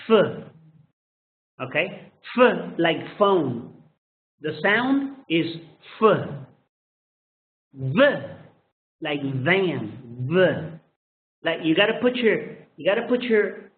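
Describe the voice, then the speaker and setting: Slightly high and expressive, his voice moves extremely slowly with frequent pauses. A native Spanish speaker, he teaches English pronunciation by drilling individual sounds over and over, recorded with tinny, phone-like audio in an echoey room.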